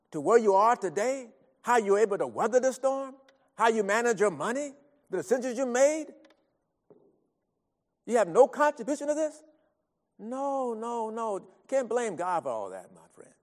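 A middle-aged man preaching an earnest, pleading sermon that swings between soft talk and loud cries. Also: high-pitched, big-room sound.

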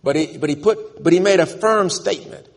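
Preaching in a church with long reverb, a man uses a high voice and talks a little fast. He is emphatic and repeatedly has the congregation say his words back to him.

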